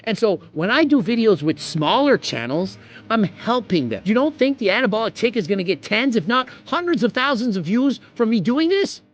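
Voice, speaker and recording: A man's voice: high-pitched, normal speed, dull audio. A fitness YouTuber, a man, ranting defensively and insistently in a vlog. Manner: animated, indignant, insistent.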